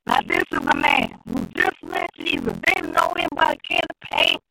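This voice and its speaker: A man teaching from the Bible, reading scripture aloud slowly and deliberately, then preaching on it and repeating key phrases. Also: a bass voice, wildly swooping pitch, creaky, over loud music, rough recording.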